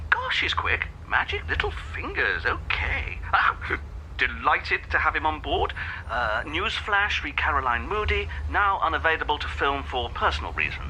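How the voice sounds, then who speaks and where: A chummy scatterbrained agent, bright, very sharp voice, sing-song, radio comedy. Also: male voice, medium pitch, a little hiss or hum, full character voice, rough recording. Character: breezy, chummy male agent.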